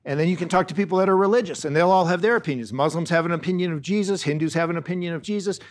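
A man preaching a Bible lesson, earnest, often repeating words and slowing down to stress key phrases. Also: fairly high pitch. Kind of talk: Bible teaching sermon.

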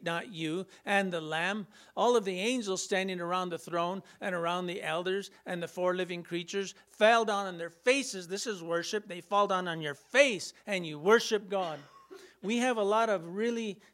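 High-voiced man preaching a sermon. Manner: animated, acts out Bible scenes with playful humor.

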